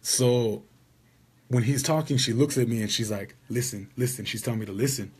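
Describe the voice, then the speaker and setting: Husky man telling a story indignantly. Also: mid-range voice, moderate pace, darkish tone. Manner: indignant, rambling recounting. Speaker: vlogger. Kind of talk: casual storytelling.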